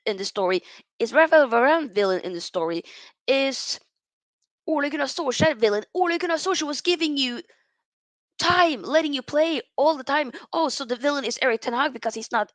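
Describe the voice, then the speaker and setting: Woman, slightly high voice, gravelly fry, dry close sound, blunt opinionated livestream host. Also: a bit bright, no room sound, poor audio. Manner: blunt and opinionated, with casual slang. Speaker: host reading viewer comments. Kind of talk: casual livestream chat.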